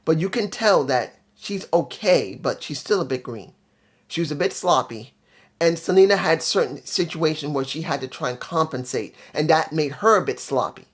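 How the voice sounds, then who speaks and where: A man hosting his own channel, giving a casual spoken review in a blunt, emphatic way with dry sarcasm, often repeating his points. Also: on the high side. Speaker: show reviewer, channel host.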